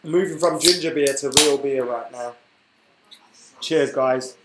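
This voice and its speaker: A man's voice: medium pitch, a little slow, roomy sound, very noisy. A young man hosting a football live stream, chatting casually and reading out viewer comments while he has the hiccups. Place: room at home.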